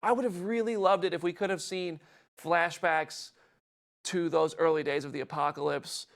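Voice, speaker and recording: Man with a gravelly, slightly high voice. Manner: fast, excited, talks over co-host with restarts. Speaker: show host. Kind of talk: casual recap chat.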